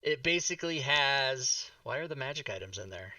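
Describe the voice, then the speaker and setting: A man hosting a casual streamed talk show, joking and rambling with quick asides. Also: mid-range voice, expressive, sharp tone, dry recording, distant mic.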